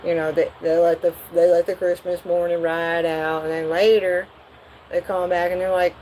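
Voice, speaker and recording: A woman's voice: lowish voice, flat delivery, normal speed, a little mellow, a little hiss or hum, rough recording. A woman doing a live tarot reading, talking bluntly and profanely in a rambling way. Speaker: tarot reader.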